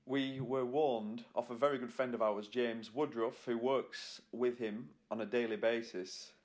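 A man's voice: medium pitch, normal speed. A man co-hosting a podcast from the UK, chatting and telling jokey stories with plenty of laughs. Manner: jokey, animated, laughing storyteller. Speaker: podcast co-host. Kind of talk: casual chat.

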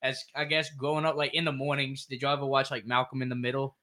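A man in casual group chat, asking halting, hesitant questions. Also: medium pitch, level tone, bright, forceful tone.

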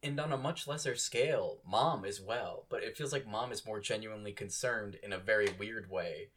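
A man co-hosting a casual show recap podcast, expressive and acting out quotes with dramatic flair. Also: on the low side, moderate pace, a little hiss or hum. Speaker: podcast co-host.

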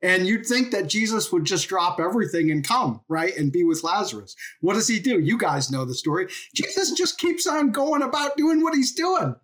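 A woman telling a Bible story as an informal sermon, animated and full of rhetorical questions. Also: medium pitch, normal speed, few pauses.

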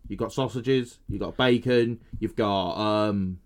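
A young man co-hosting a podcast, chatting casually, excitable and quick to swear. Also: on the low side. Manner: excitable, laughs often, swears. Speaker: podcast co-host. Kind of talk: casual chat.

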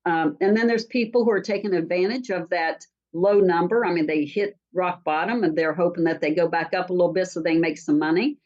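A woman's voice: on the low side, brisk, few pauses. Storytelling woman on a muffled recording. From Alaska. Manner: animated storyteller with frequent ums and restarts. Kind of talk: conversational talk show storytelling. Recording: dull lo-fi sound.

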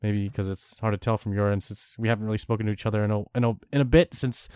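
A young man co-hosting a podcast in casual chat, his voice raspy and a little deeper after a late night. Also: fairly even intonation, quick pace, warm tone, no room sound, studio quality. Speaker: podcast co-host.

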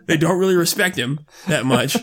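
A man's voice: a little high, normal speed, a bit bright. A man co-hosting a podcast, adding dry, sarcastic remarks about a TV show. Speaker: podcast co-host. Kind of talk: casual recap chat.

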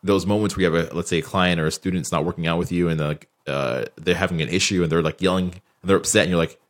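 A man's voice: low-pitched, fairly even intonation, quick pace. A man in a casual podcast conversation, reflective and rambling, with lots of "like" and "you know.". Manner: reflective, rambling with many fillers.

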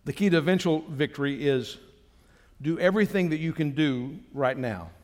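High-voiced preaching man, long hall reverb. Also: expressive, normal speed. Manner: emphatic preaching, rising to exhortation. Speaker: pastor. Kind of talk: sermon.

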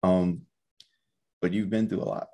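Deep gravelly male interviewer. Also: warm tone. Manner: halting, filler-heavy, encouraging. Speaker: podcast host. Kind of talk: casual interview chat.

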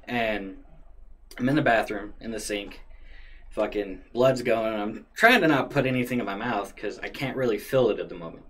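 A man casually retelling a story in a profane, animated way. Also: on the low side, normal speed, a little hiss or hum. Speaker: storyteller guest.

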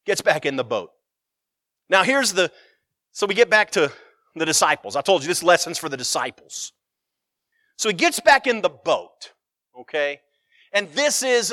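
A man preaching with a bright, high voice that swings widely as he retells scripture. He takes his time, savors the humor, and acts out the quotes. The sound is close and dry. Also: no echo. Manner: animated storytelling, acts out quotes, finds scripture funny. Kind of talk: sermon with Bible reading.

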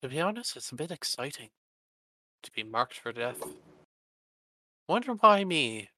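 A man playing a tabletop game, switching between narrating his character and speaking as him in an animated way. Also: a little high, measured pace, a little hiss or hum, poor audio.

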